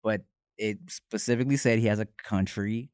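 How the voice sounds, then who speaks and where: A man co-hosting a podcast, animated and laughing, telling a story in casual chat full of fillers. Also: fairly low pitch, moderate pace, clear, resonant tone, no room sound, clean studio sound. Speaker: podcast co-host, actor.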